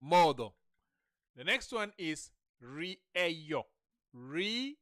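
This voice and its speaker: A man's voice: a little high, animated, pushed and bright, clear, resonant tone, no echo, studio quality. A man giving a patient language lesson, sounding out words syllable by syllable and encouraging the listener. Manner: patient, repeats syllables slowly and encourages the learner. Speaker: language teacher. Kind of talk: slow pronunciation lesson.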